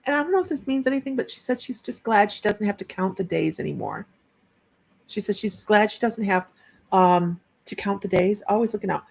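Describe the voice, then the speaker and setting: A woman's voice: mid-range voice, expressive, brisk, creaky, a little mellow, slightly rough. A woman working as a psychic medium, giving a chatty live-streamed reading and relaying messages with frequent restarts.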